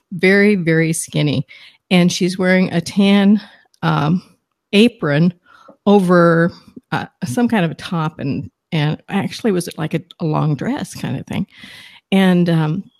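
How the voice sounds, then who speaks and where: Middle-aged lady rambling through a story, excitable, lots of restarts, dry close sound. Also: lowish voice, unhurried, no echo. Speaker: guest psychic medium. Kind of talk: casual storytelling on a talk show.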